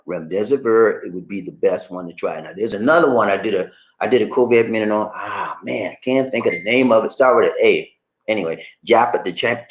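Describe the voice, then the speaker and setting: A man hosting a livestream, chatting casually and reading viewer comments aloud in an animated, laughing, drawling way. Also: lowish voice. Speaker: livestream host.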